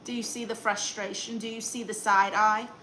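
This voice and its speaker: Bright, brassy Brooklyn woman. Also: fairly high pitch, level tone, moderate pace, a little hiss or hum. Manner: brassy, sassy, teasing banter. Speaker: comedian reading live chat comments. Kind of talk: live-stream chat in a sassy aunt persona.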